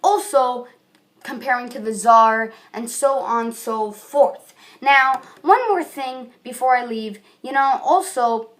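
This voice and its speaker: A woman's voice: on the high side, takes it slowly, a bit bright. A woman giving a casual, rambling video book review, chatty and full of fillers.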